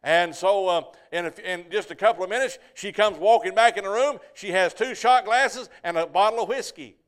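Brief: high-pitched male pastor, folksy sermon storyteller. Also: moderate pace, a bit bright. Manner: folksy storytelling, asks the congregation "Amen?".

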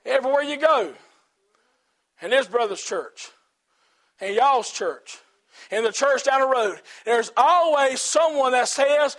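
High-voiced preaching pastor. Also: male voice, expressive, unhurried, long pauses. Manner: rhythmic preaching with repeated phrases, rising to shouts. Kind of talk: sermon. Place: church.

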